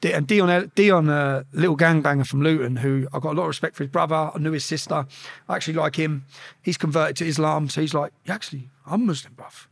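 High-pitched guy talking blunt and rough, lots of swearing and restarts, casual interview storytelling. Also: steady tone, fast. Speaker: guest.

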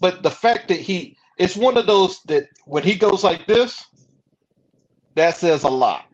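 A man co-hosting a casual fan podcast, talking in a laid-back, measured way. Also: sits high, lively intonation, muffled recording. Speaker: podcast co-host.

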